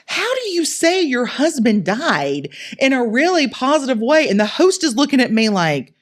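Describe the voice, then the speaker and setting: A woman guest on a podcast interview, telling lively, jokey stories and poking fun at herself. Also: high-pitched, moderate pace, hardly any pauses. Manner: lively, jokey, self-mocking, acts out quotes. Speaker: entrepreneur guest. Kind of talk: animated storytelling in a podcast interview.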